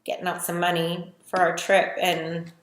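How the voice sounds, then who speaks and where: A woman's voice: lowish voice, completely flat delivery, normal speed, echoey room. A middle-aged woman giving a personal testimony, retelling events emotionally with quoted dialogue. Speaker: testimony speaker.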